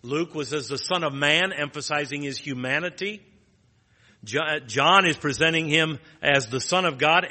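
A man's voice: fairly high pitch, pushed and bright, long reverb tail. A man teaching a Bible lesson in a plain teaching tone, asking rhetorical questions and restarting phrases.

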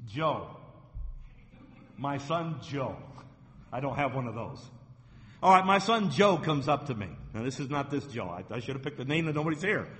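A man's voice: mid-range voice, animated, normal speed, long pauses, fairly bright tone, slight background noise. Male pastor, sermon delivery, emphatic, ringing church reverb. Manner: emphatic preaching, reading scripture aloud with rising force. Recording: long reverb of a church hall.

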